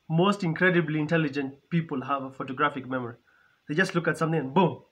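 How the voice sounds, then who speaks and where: A man's voice: fairly high pitch, fast, a bit bright, husky. A man giving casual reaction commentary on a film, chatty, laughing often and repeating phrases as he talks. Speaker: movie reaction reviewer.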